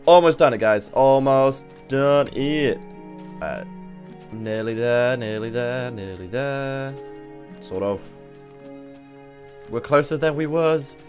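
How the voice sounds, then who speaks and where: A man's voice: mid-range voice, takes it slowly, long pauses, darkish tone. Chatty man playing a game. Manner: chatty, swears, thinks aloud. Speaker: gaming video host. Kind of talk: let's play commentary. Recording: faint background music.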